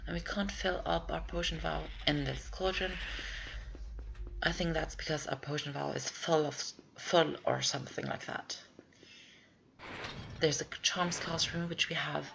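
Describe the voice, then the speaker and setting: A woman's voice: deep voice, steady tone, unhurried, vocal fry. A woman giving casual, rambling commentary over a video game walkthrough, thinking aloud as she plays.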